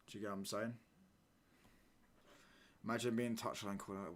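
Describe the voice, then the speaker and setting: Young guy, live watchalong streamer, slangy chat, loud when ranting. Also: lowish voice, level tone, normal speed, slight background noise. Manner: casual slangy banter, repeats phrases, gets loud when ranting.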